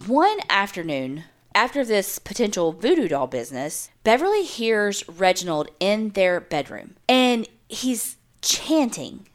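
A woman retells a true crime case in loose, profane podcast chat, full of fillers. Her pitch moves about a great deal, sitting in the middle of the range. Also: sing-song, unhurried, hardly any pauses. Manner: profane, chatty retelling with many "like" fillers and acted quotes. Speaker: podcast co-host. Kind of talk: casual true crime storytelling.

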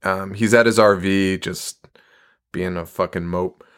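A man's voice: sits low, fairly even intonation, unhurried, clear, resonant tone. A man co-hosting a podcast, recapping a movie in casual, profane chat and laughing as he acts out quotes. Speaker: podcast co-host.

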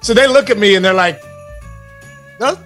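A man's voice: high-pitched, normal speed, soft background music. A man co-hosting a podcast, telling a childhood story in casual chat and acting out the voices of the people in it. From Pittsburgh area, USA. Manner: animated storyteller who acts out quoted voices. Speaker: podcast co-host.

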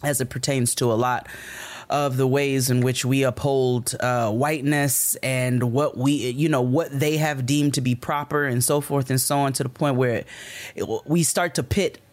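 A man's voice: medium pitch, normal speed. A man from the United States co-hosting a podcast, telling a story in casual chat with lots of swearing and acted-out quoted dialogue. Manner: animated, profane storytelling that acts out quoted dialogue. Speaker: podcast co-host.

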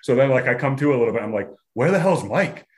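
A man spinning a hiking story for a podcast, loose and casual. He laughs often and slips into quick acted voices of the people in his tale. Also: medium pitch, animated, darkish tone. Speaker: podcast guest.

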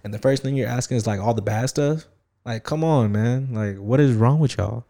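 A young man in casual chat, telling stories in an animated, slangy way with lots of "like". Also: medium pitch, moderate pace, vocal fry.

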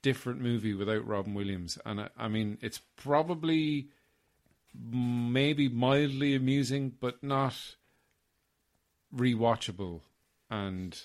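A man's voice: mid-range voice, slow pace. A man co-hosting a podcast, giving blunt, casually profane opinions about films. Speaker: podcast co-host. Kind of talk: casual film chat.

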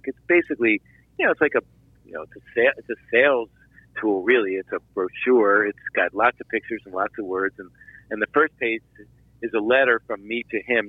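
A man's voice: on the low side, dry recording. Storytelling man on a tinny line. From Philadelphia. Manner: animated anecdotal storytelling with restarts. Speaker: documentary filmmaker guest. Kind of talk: storytelling interview.

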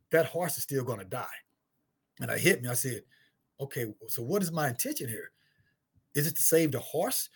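A middle-aged man from St. Louis with a husky voice tells a story in casual talk, acting out the other people's lines in high voices and laughing often. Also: fairly bright tone. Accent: St. Louis, African American Vernacular English. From St. Louis, USA. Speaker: guest storyteller, martial artist.

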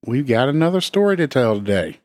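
Man co-host, mid pitch, dry joking, close dry mic. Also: very animated, fairly quick, a little mellow, no room sound. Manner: dry teasing humor. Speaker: podcast co-host. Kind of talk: casual chat.

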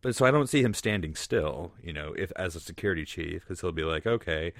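A man co-hosting a casual podcast with a low voice that swings up and down a lot. He jokes around and throws in playful asides. The sound is close and dry. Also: lively intonation, quick pace, vocal fry, dry recording. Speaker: podcast co-host. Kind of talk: casual chat.

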